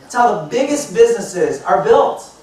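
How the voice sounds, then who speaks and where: A man speaking as a motivational speaker, telling a story to a live audience and acting out the dialogue in a lively way. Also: sits high, normal speed. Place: large indoor hall. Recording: echoey hall picked up from far off.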